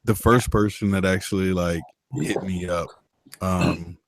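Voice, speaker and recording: Low-voiced man telling rambling stories. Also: fairly even intonation, measured pace, no room sound. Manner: rambling, profane storyteller. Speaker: motovlogger. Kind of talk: casual chat.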